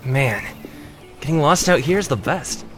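A relaxed, cheerful character from a radio ad, who is always getting lost. His voice sits somewhat high, and his lines come out casual and amused. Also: unhurried, soft background music. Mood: easygoing. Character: easygoing man who keeps getting lost. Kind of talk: radio ad acting.

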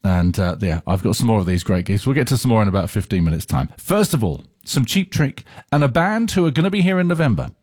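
A man presenting a rock radio show from a studio, chatting and reading out listener messages with lively asides. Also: fairly low pitch, quick pace, few pauses, breathy edge, no room sound. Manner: chatty, animated, reads messages aloud with asides. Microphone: studio microphone.

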